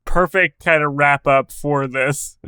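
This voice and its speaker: A man's voice: on the high side, takes it slowly, clear, resonant tone, no echo. A man co-hosting a podcast, chatting casually about a TV episode and acting out quotes with laughs. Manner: animated, laughs often, acts out quotes. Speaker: podcast co-host. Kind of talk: casual chat recapping a TV episode.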